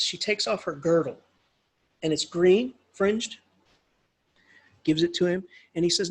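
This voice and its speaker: A man, an English professor, retelling a story in a casual, animated lecture. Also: high-pitched, a little slow, pauses often, husky.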